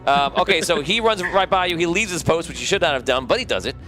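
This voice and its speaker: A man's voice: a little high, animated, fast, pushed and bright, soft background music. Amused man running a tabletop game. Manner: loose and amused, laughing as he narrates. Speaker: game master.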